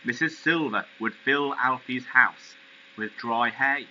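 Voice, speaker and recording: A man's voice: mid-range voice, sharp tone, dull audio, slight background noise. A man teaching, reading a story aloud expressively and explaining words along the way.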